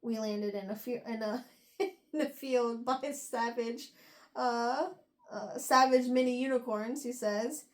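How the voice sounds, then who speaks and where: A young woman with a slightly high voice recaps a novel's plot for her podcast. She rambles in a loose, animated way, full of fillers and quick asides. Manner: rambling, animated retelling with frequent "like" and laughs. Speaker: book review podcast host. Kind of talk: casual book recap.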